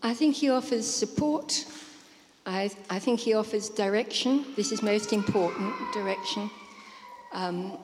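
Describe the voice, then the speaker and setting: A woman's voice: mid-range voice, unhurried. Earnest woman sharing her faith. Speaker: church member interviewed. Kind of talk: personal faith testimony. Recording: reverberant hall, faint crowd noise.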